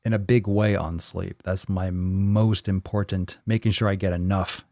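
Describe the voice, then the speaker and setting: A man hosts a live show, rambling loosely and cracking crude jokes as he goes. His voice sits on the low side, and the recording is dry with no room sound. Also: fairly even intonation, moderate pace, creaky, hardly any pauses, dark tone, dry recording. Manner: rambling, joking, profane. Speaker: host. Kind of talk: casual livestream chat.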